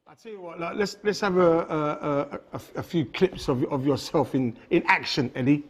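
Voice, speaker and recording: A man hosting a casual studio interview who asks his questions haltingly and repeats words as he goes. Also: a little high. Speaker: host.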